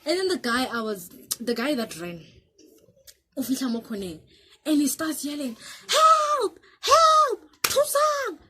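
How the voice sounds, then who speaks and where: A South African woman vlogger casually telling a story to camera, animated and switching between English and local languages. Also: fairly high pitch, moderate pace, long pauses.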